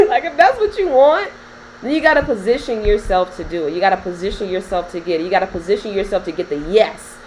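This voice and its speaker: A woman's voice: on the high side, lively intonation, fast, a little hiss or hum, poor audio. A woman coaching on business credit in a casual talk to camera, chatty and laughing often as she addresses viewers directly.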